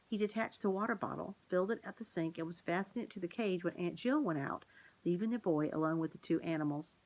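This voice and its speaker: A woman reading a children's novel aloud in a gentle, steady storytelling voice. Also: fairly low pitch, fast, low-quality recording. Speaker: reader.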